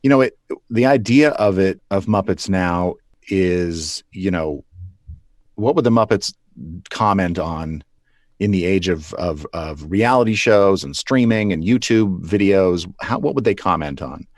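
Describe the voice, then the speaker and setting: A man's voice: sits low, unhurried, no room sound, clean studio sound. A man being interviewed about puppeteering, talking loosely with restarts and small chuckles. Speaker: puppeteer guest. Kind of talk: relaxed interview answers.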